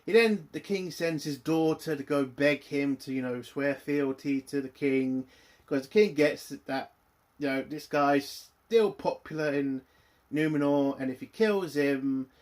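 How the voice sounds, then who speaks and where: A man's voice: a little high, unhurried, a little mellow. A man giving a casual spoken TV review, blunt and heavy on swearing, rambling through a plot recap. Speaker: TV show reviewer.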